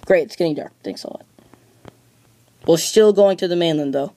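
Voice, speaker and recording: A gamer chatting casually during a co-op game, bossy and teasing, breaking into excited whoops. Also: medium pitch, moderate pace. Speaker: let's play gamer. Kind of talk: casual co-op gaming chat.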